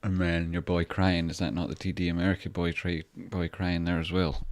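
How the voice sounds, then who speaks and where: A man's voice: low voice, fairly even intonation, a little fast, hardly any pauses, no echo. A man with a Scottish accent chatting casually on a trading livestream, reading viewer messages, swearing freely and thanking people effusively.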